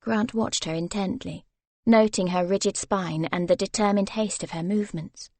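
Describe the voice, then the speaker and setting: A woman's voice: mid-range voice, darkish tone, no echo. Woman narrating a romance novel. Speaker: audiobook narrator.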